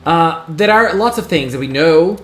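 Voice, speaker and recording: A man hosting a casual live stream, excitably chatting and greeting his viewers one by one. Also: a little high, normal speed, faint music behind. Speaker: livestream host. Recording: roomy echo.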